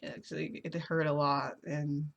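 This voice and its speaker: A woman's voice: deep voice, flat delivery, measured pace, gravelly, lo-fi sound. A woman vlogger telling a personal story in casual chat, rambling with lots of fillers and restarts.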